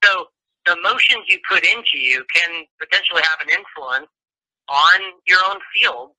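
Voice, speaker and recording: Guy on a call, rambly, bright kinda husky voice, lots of restarts. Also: a little high, animated, moderate pace, rough recording. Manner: rambling, many restarts and fillers. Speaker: guest. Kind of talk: casual interview talk.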